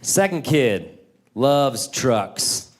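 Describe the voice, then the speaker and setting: A man in his thirties doing a stand-up comedy set, animated, jumping into loud high-pitched voices for kids and teachers. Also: extremely slow. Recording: live in a theater with crowd laughter.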